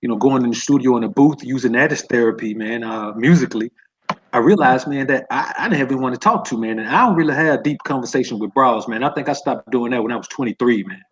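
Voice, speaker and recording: A man's voice: medium pitch, fast talker, muffled recording. A man chatting as a guest, laid-back, ending nearly every phrase with "man". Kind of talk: casual chat.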